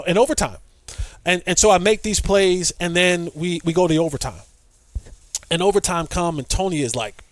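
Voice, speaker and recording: A middle-aged man with a fairly high voice tells a story with rising excitement, acting out what others said and tripping over repeated words. The sound is dry and close, with almost no room around it. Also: no echo. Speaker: podcast guest, former player. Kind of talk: animated storytelling.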